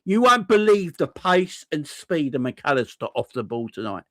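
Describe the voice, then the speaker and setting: Sarcastic ranting football fan, dry sound. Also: male voice, fairly high pitch, very animated, moderate pace, sharp tone, dry recording. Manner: sarcastic, repetitive, swearing. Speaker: football fan channel host.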